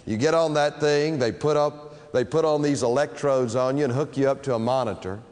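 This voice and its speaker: A man preaching a sermon with dramatic delivery, stretching key phrases slowly for emphasis. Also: medium pitch, darkish tone. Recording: long reverb of a large hall.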